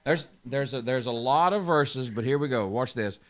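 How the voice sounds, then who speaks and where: A man's voice: mid-range voice, lively intonation, normal speed. A man pastor giving an informal Bible teaching, stressing key words and chuckling often.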